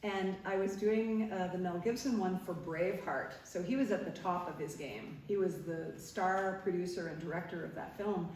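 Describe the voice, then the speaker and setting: A woman's voice: on the low side, moderate pace, hardly any pauses, slight background noise. A middle-aged woman from Nova Scotia, a former TV interviewer, telling stories to a live audience, laughing often and acting out what people said. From Nova Scotia, Canada. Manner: animated storyteller, laughs often, acts out quotes. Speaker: guest speaker, former TV interviewer. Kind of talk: storytelling talk to a live audience. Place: parish hall. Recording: echoey hall, voice from far off.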